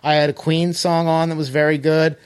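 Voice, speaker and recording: A man telling a long story in casual chat, animated, swearing and acting out quoted dialogue. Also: fairly high pitch, fairly quick, clear, resonant tone.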